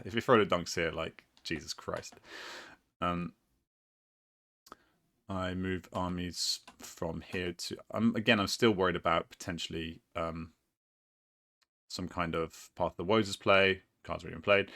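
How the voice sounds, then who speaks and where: A man's voice: low voice, creaky, fairly bright tone. A man casually commentating his own board game match, rambling and hesitant, often laughing at himself.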